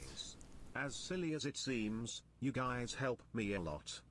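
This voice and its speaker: A man's voice: mid-range voice, very animated, measured pace, fairly bright tone. A man talking sincerely to his stream viewers. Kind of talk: casual stream talk to chat.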